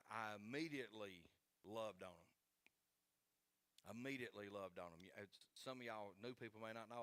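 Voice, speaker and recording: A man's voice: fairly low pitch, a bit bright. A man, preaching a sermon in an earnest, folksy way and repeating key phrases for emphasis. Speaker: pastor.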